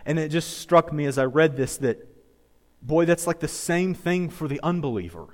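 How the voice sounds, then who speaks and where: A man's voice: a little high, lively intonation, normal speed, darkish tone, in a large hall. A man preaching a sermon as pastor, repeating phrases and leading his congregation in call-and-response. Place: church sanctuary.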